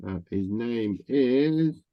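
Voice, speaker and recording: A man's voice: mid-range voice, expressive, extremely slow, lo-fi sound. A man playing his character in a tabletop game, talking in a casual, easygoing way. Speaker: player.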